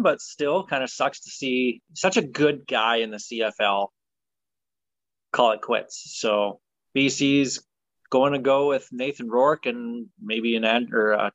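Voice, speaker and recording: A man leads a casual football talk segment, sliding between loose filler words and firm opinions. His voice sits at a middle pitch. The recording is close and dry, with a slightly dulled top end. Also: no room sound, highs cut off. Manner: relaxed, opinionated, many ums and uhs. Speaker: sports podcast host.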